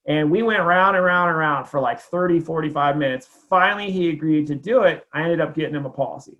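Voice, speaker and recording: A man's voice: fairly high pitch, quick pace, hardly any pauses, fairly bright tone. A man giving a casual sales training talk, telling a client story in a conversational way with lots of fillers.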